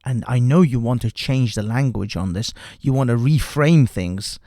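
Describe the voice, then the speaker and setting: A man's voice: mid-range voice, measured pace, hardly any pauses, a little mellow, dry recording, clean studio sound. A man from the United Kingdom hosting a livestream, delivering a heated, profanity-laced political rant with lots of repetition. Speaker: livestream host. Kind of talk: ranting political commentary.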